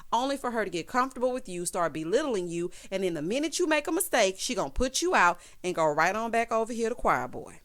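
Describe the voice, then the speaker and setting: Female recap host, sassy, lively pitch, chatty. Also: fast, few pauses. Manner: sassy, animated, calls listeners honey and child. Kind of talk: casual recap commentary.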